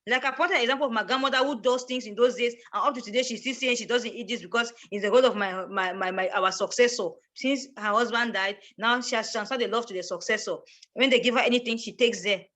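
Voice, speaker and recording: A woman's voice: fairly high pitch, a bit bright. A woman with a Cameroonian accent, a guest speaker making a passionate case, stressing her points and repeating words as she pushes on. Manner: emphatic, repeats words when pressing a point. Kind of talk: passionate advocacy talk.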